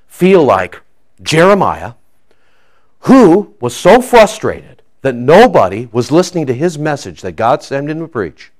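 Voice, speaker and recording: A male pastor delivering a sermon in a high, very animated voice. He takes his time, leaning on repeated phrases and swinging from near-shouted declarations down to hushed, prayerful tones. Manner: emphatic preaching, swinging from loud to hushed.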